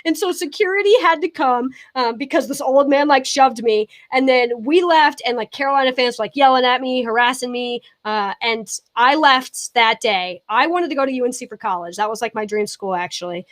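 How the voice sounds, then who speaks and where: A young woman, a podcast guest, telling an animated story in casual chat, with lots of fillers. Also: high voice, brisk, few pauses.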